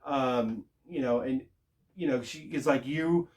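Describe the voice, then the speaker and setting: A man talks through a TV episode in a loose, casual spoiler recap. He rambles and restarts his sentences, filling the gaps with plenty of ums and uhs. His voice sits at an ordinary middle pitch. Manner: rambling, halting, lots of filler words. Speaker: TV show reviewer.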